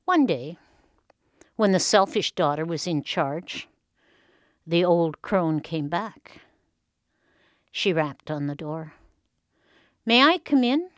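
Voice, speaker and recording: A woman storyteller telling a folk tale with expressive, dramatic pauses. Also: low-pitched, no echo, clean studio sound.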